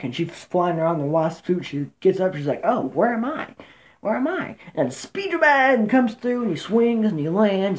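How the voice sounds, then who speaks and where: A woman giving a casual, rambling movie recap, excitable and swearing, with many fillers and restarts. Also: on the low side. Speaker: movie reviewer.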